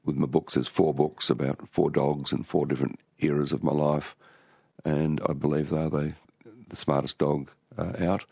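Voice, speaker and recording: In a relaxed interview, an older Australian man who writes books rambles through his stories, restarting often. His bass voice is gravelly, mellow, and husky, moving little in pitch at a moderate pace, captured in clean, echo-free studio audio.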